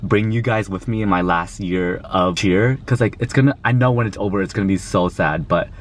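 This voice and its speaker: A young man vlogging casually to camera, excitable and gushing, nervous. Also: low voice, a little fast. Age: young adult. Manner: excitable, gushing, lots of "oh my God". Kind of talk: casual vlog talk to camera.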